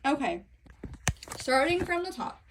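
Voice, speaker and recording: A young woman with a Southern drawl and a slightly high voice chats casually to her viewers. She walks through her shelves with self-deprecating asides, recorded on a phone in her bedroom. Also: sing-song, measured pace, noisy background. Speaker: book vlogger. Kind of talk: casual bookshelf tour. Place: bedroom at home. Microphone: phone camera.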